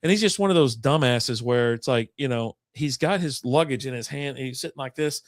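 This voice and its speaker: In a casual podcast conversation, a male co-host delivers a long, profane, rambling story and imitates what people said. His voice is mid-range and fairly quick, captured in a dry, clean studio recording.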